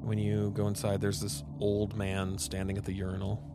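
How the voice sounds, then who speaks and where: A man's voice: fairly low pitch, monotone, normal speed, very noisy. A man narrating as game master in a plain, matter-of-fact way. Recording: music underneath.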